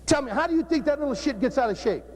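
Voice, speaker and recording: A man's voice: very high voice, expressive, racing, a little hiss or hum. A man who is a football coach, giving a joking, blunt, profane talk at a coaching clinic. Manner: blunt and profane, cracking jokes.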